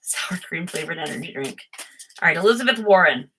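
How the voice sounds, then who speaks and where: A woman's voice: lowish voice, lively intonation, fairly quick, noisy background. A woman doing a casual, chatty tarot reading, rambling and easily distracted, often giggling.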